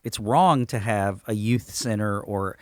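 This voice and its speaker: Earnest pastor, emphatic, dry sound. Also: male voice, fairly low pitch, measured pace, a little mellow, no room sound. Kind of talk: podcast discussion.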